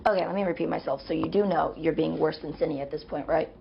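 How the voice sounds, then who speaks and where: A woman's voice: low-pitched, fast, gravelly. A woman confronting a roommate, lecturing her about responsibility and priorities. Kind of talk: heated confrontation. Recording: dull lo-fi clip with faint noise.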